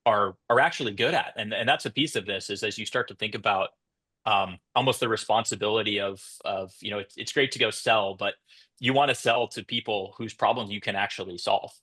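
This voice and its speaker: Man, low pitch, bright forceful tone, conference panel talk, many restarts. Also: a little fast, husky. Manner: thoughtful, many restarts and hedges. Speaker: panelist, sales tech founder.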